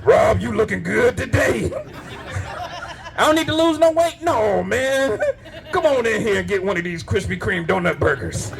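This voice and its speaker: An easygoing, indulgent doctor, as a comedian puts him on, cheerfully waving his patient in. His welcoming patter is loose and bouncy, rising and falling with lively swings. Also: sits high, moderate pace, gravelly, a crowd in the background. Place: live comedy show.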